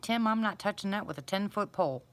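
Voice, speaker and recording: A woman's voice: medium pitch, expressive, fast talker. A middle-aged woman hosting a casual livestream, chatting and answering viewers by name. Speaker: livestream host. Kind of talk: casual live chat with viewers.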